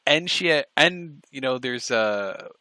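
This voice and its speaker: A man in casual chat on a live stream, rambling and halting with restarts and fillers. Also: medium pitch, lively intonation, bright, forceful tone, no room sound. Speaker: stream co-host.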